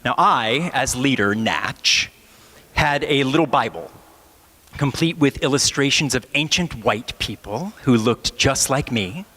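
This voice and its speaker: A man from Ohio, a pastor in his thirties, tells a wry, self-mocking story from the pulpit at an unhurried pace. His mid-pitched voice rings out with the long reverb of a large church hall. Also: animated, pushed and bright, breathy edge. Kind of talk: sermon with personal storytelling.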